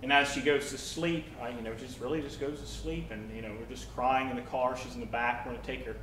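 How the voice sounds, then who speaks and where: A young adult man preaching a sermon to his congregation, telling personal stories in an animated, joking way. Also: medium pitch, quick pace, a little hiss or hum. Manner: animated, jokey storytelling. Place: church hall. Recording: roomy church hall.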